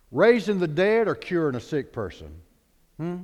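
A man's voice: mid-range voice, big pitch swings, measured pace, darkish tone. A man preaching a sermon, a dramatic preacher who acts out the people in his stories. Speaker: pastor. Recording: long hall reverb.

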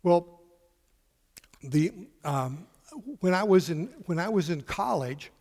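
A male pastor preaching a sermon emphatically, swinging from loud declarations to hushed questions and repeating words for stress. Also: fairly high pitch, expressive, slow pace. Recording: reverberant hall.

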